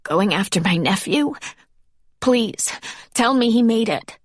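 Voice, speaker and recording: A woman's voice: fairly high pitch, expressive, slow, dry recording, studio quality, voice pushed up. A woman narrator voicing an injured young woman skier who stays spirited and wry. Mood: pained pleading.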